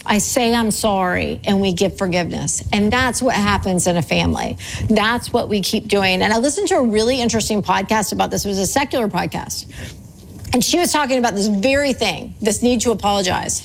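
A woman's voice: a little high, creaky, slight background noise, low-quality recording. A woman in her forties preaching a sermon on parenting in an earnest, conversational way, repeating her key points. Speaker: church speaker.

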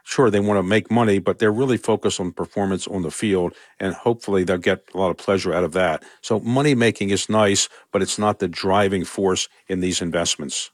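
Older man from Baltimore, interviewee, measured and conversational, lowish voice, dry sound. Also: steady tone, no echo. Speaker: interviewee, sports team owner. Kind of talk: radio interview answers.

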